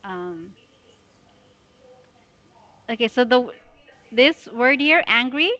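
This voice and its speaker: A woman tutoring English one-on-one, patiently and slowly correcting a student's pronunciation. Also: fairly high pitch, expressive, bright, forceful tone. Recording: dull lo-fi audio.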